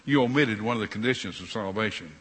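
Man doing god, stern judge voice, slow firm scolding, big reverby hall. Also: lowish voice, fairly bright tone, slightly rough. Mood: stern rebuke. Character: stern divine judge, male, reproachful.

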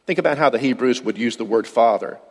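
A man's voice: mid-range voice, quick pace. Preacher man in a reverberant hall. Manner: earnest, repeats words while building a point. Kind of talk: sermon.

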